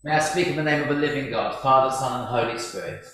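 A man's voice: medium pitch, fast talker, a bit bright. A man preaching a sermon, a chatty, self-deprecating storyteller. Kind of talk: sermon with humour. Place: large church. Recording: very echoey church.

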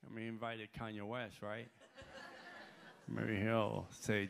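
A man preaching as a guest in a church, animated, his voice climbing as he tells a story, repeating himself and restarting his sentences often. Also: on the low side, slow, creaky, pauses often. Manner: animated, voice rising when telling stories. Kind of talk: sermon. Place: church hall.

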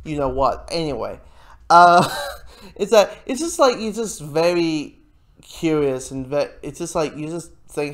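Casual TV reviewer, mid-pitched, rambling and laughing through stop-start sentences. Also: expressive, a little slow. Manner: rambling, many restarts, frequent laughs, swears. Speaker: TV episode reviewer.

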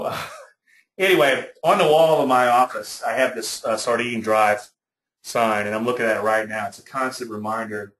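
A man's voice: mid-range voice, sharp tone. A man with a Cajun accent teaching trading over charts, folksy and chatty, telling stories with plenty of fillers. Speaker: trading educator. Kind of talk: webinar lecture on stock charts. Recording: echoey room.

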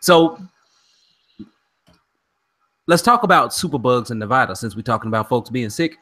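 A middle-aged man hosts a casual podcast with a bright, forward voice. His pitch moves around a lot as he talks. He plays along with his co-host and keeps steering the chat to the next topic. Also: animated, moderate pace. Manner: playful, steering the talk and reading listener comments.

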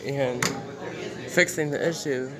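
A man's voice: medium pitch, steady tone, slow pace, crowd noise. A man giving casual commentary while reading news headlines aloud, exclaiming often and repeating himself in outrage. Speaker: commentary vlogger.

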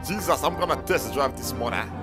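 A man roleplaying a car buyer in a game, excitable and full of slang, calling everyone bro. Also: medium pitch, brisk, music in the background.

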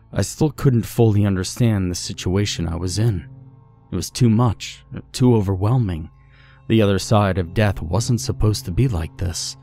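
A man giving a scripted horror story narration in a measured, grim way. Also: deep voice, gravelly, darkish tone.

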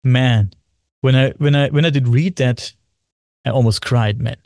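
A man, a podcast guest in casual chat, talking excitedly, repeating himself and swearing often. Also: mid-range voice, a little slow, no echo, studio quality. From Germany.

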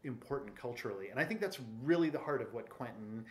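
A man's voice: mid-range voice, animated, fast talker. A man, a screenwriter and director, talking thoughtfully as a podcast guest, searching for words and restarting his sentences. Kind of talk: conversational interview.

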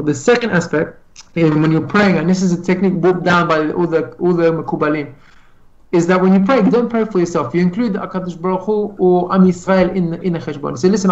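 A man teaching an informal Torah class over a video call, fast and animated, acting out little dialogues as he explains. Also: sits high. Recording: echoey, distant, dull video call audio.

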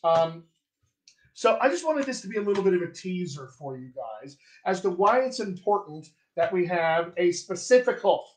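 A man with a General American accent, a dialect coach giving a chatty live accent lesson and repeating sample words slowly. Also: high voice, big pitch swings, roomy sound.

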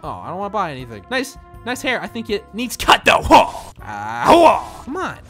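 Excitable, shouting gameplay commentator. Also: mid-range voice, normal speed, music in the background. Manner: excitable, jokey, often shouting and laughing. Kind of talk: let's-play commentary.

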